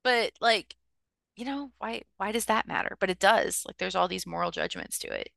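A woman's voice: mid-range voice, lively intonation, normal speed, creaky, a bit bright, no room sound, studio quality. A woman co-hosting a podcast, musing in a casual, wry and rambling way. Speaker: podcast co-host. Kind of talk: casual chat.

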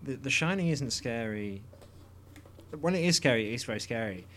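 A man co-hosting a podcast, rambling through animated opinions in casual chat. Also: mid-range voice, moderate pace, slight background noise. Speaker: podcast co-host.

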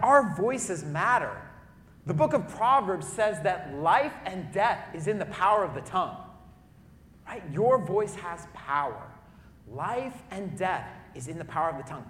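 A man preaching a sermon to a congregation in a church auditorium, telling lively stories and turning to the crowd with asides. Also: high voice, unhurried. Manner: lively storytelling with audience asides, loud bursts when acting out cheering. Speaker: pastor. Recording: echoey hall.

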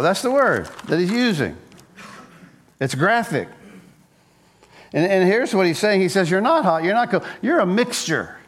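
A man preaching a conversational sermon as a pastor, joking and telling stories, often repeating words as he goes. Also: medium pitch. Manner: playful, joking storyteller; frequent word repeats.

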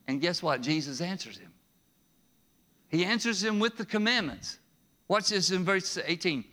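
A man preaching a sermon in a conversational, animated way, with rising emphasis and frequent chuckles. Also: high-pitched, unhurried, pauses often. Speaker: pastor.

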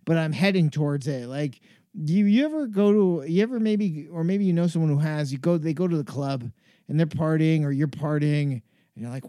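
A man's voice: fairly high pitch, lively intonation, fairly quick, warm tone, no echo. Dry wry man rambling alone. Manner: wry, self-deprecating, digressive. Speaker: podcast host. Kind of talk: rambling comedic monologue. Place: cold home garage. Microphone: earphones with mic.

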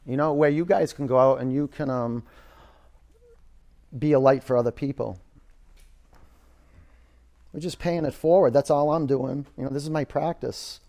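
A man teaching a yoga class in a studio, giving relaxed cues and talking loosely with fillers. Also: medium pitch, normal speed, gravelly, long pauses.

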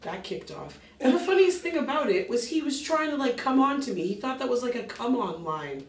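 Woman comedian, lively blunt storyteller, swears, roomy sound, distant mic. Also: a little high, brisk. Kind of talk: casual chat, telling stories.

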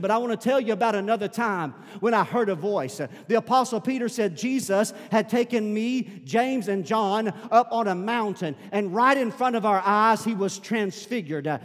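A man's voice: sits high, long reverb tail. A man preaching a sermon as pastor, emphatic and repeating his phrases to urge the congregation on. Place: church sanctuary.

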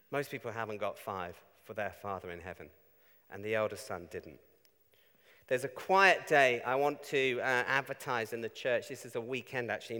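Male preacher, conversational, tag questions, smooth voice, long church reverb. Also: medium pitch, a bit bright. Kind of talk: sermon.

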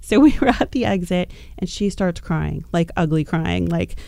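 Chatty low-voiced woman telling a story. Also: moderate pace, creaky, dry recording, studio quality. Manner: animated, chatty, full of fillers. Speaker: podcast guest. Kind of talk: casual podcast storytelling.

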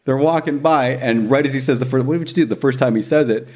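A man telling a story in casual chat, animated, laughing often and acting out the voices of the people in it. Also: medium pitch, a little fast.

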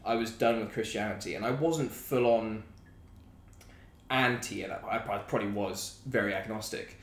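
A man's voice: fairly low pitch, normal speed. A young man from the south of England talking candidly and reflectively in a casual chat, with some fillers. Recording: echoey room with faint background noise.

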